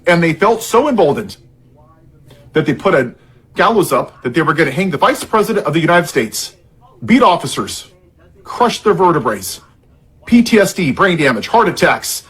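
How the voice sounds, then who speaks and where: Angry, sarcastic man with a husky voice. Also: on the high side, very animated, normal speed, fairly bright tone. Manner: angry and sarcastic, heavy irony. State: frustrated, worked up. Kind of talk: impassioned political rant.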